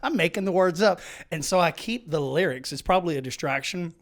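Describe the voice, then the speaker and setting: A man's voice: a little high, expressive, fairly quick. Chatty man hosting a podcast. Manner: laughs easily, jumps between topics. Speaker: podcast host. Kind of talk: casual chat.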